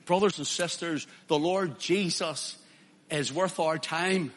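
Impassioned preacher in a reverberant hall. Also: male voice, on the high side, measured pace, fairly bright tone. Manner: impassioned, rising to emphatic declarations. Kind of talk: sermon.

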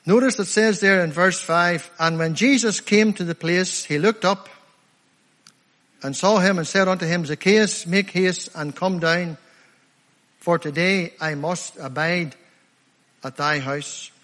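Fervent Northern Irish preacher in a hall. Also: male voice, sits high, fairly bright tone. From Northern Ireland. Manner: fervent, emphatic, slows down to stress key phrases. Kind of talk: evangelistic sermon. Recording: echoey hall, long reverb.

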